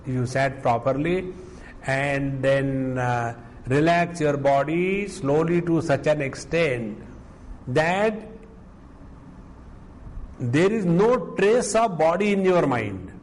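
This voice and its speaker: A man with an Indian English accent, a spiritual teacher giving an unhurried scripture discourse, mixing in stories and Sanskrit verses. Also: on the high side, a little hiss or hum, rough recording.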